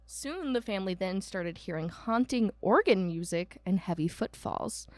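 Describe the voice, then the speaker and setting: A woman's voice: medium pitch, animated, moderate pace, a little mellow, no room sound. A woman from Ohio co-hosting a podcast, telling a ghost story in casual chat with lots of ums. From Ohio, United States. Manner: chatty, many ums, laughs at herself. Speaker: podcast co-host.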